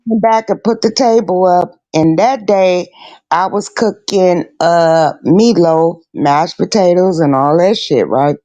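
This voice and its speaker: A woman's voice: fairly low pitch, slow pace, warm tone, dry recording. A middle-aged woman hosting a casual chat, telling stories bluntly and with plenty of swearing. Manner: blunt, profane storyteller. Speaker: host.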